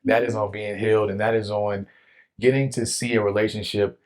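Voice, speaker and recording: A young man telling a personal faith testimony in an earnest, animated way, with casual slang. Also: lowish voice, brisk. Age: young adult. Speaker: guest telling his testimony.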